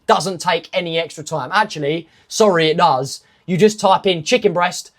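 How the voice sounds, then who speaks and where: A man's voice: on the high side, normal speed. A man, a fitness coach, talking casually through nutrition rules in step-by-step lists, with self-mocking asides. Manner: emphatic, stepwise lists of rules. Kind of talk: casual instructional talk.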